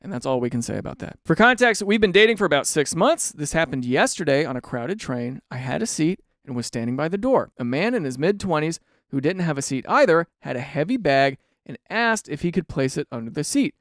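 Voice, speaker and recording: A man's voice: on the high side, fairly quick, hardly any pauses, no room sound, clean studio sound. A young adult man hosting a comedic reaction show, reading out texts and firing incredulous, sarcastic remarks about them. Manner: incredulous, animated, reads texts aloud with sarcastic asides. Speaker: host reacting to online posts.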